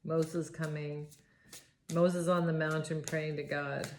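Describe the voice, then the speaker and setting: Slow, low-voiced woman reading tarot in awe. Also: flat delivery, a little mellow. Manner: awed, halting, with frequent sighs and restarts. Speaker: tarot reader. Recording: roomy echo with faint noise.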